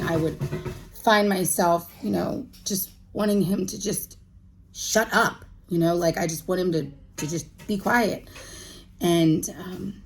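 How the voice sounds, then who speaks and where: A woman in her thirties telling a personal story to camera, halting and emotional, with many pauses and restarts. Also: lowish voice, gravelly, a little hiss or hum, rough recording. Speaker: vlogger. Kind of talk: candid personal chat to camera.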